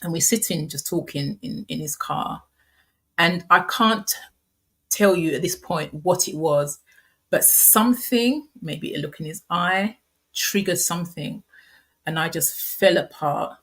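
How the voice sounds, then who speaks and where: A middle-aged woman calmly recounting a painful personal experience, speaking softly with halting restarts and fillers. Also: on the low side, breathy edge. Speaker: guest sharing a personal story. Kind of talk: candid personal storytelling.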